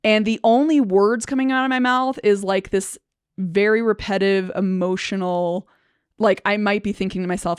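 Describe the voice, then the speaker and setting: A woman talks through a hard personal experience with care, pausing and restarting as she searches for words. She fills the gaps with "like" and lets out small nervous laughs. Her mid-pitched voice sits close and dry, with no room sound around it. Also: smooth, no room sound. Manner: reflective, halting, many fillers and restarts. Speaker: speech-language pathologist. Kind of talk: personal explanatory talk to camera.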